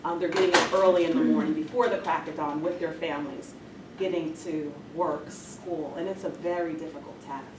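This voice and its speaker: A woman's voice: sits low, fairly even intonation, fairly quick. A woman from New York giving a friendly, chatty guest talk with slides at a meeting. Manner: friendly, self-deprecating, chatty. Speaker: guest speaker. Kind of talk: presentation with slides. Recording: echoey room, distant mic, noisy.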